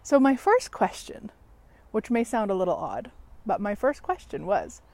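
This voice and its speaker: A woman telling a story in a chatty, animated vlog from outdoors in a backyard, laughing at herself as she goes. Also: mid-range voice, normal speed, no room sound. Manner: chatty, animated, self-mocking. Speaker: facilitator and show host.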